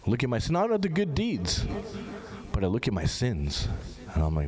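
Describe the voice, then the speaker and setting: A young man giving an informal sermon to a large gathering, talking to the audience in a conversational way and asking them questions. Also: normal speed. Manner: conversational, asks the audience questions, animated rises in pitch. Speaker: speaker at a Muharram gathering. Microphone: handheld microphone. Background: crowd of listeners.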